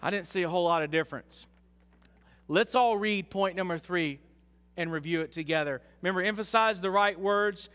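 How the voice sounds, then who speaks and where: A man preaching an interactive sermon in a church, joking with the congregation and rising to slow, loud emphasis. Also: high-pitched. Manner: jokes with the congregation, leads call-and-response reading. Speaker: pastor. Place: church sanctuary. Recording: long hall reverb.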